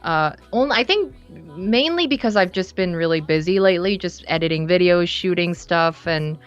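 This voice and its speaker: A young woman from South Korea, chatting casually in an interview, relaxed and rambling with many fillers and restarts. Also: on the low side, normal speed, clear, resonant tone, highs cut off, soft background music. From Seoul, South Korea. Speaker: musician guest. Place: her bedroom studio.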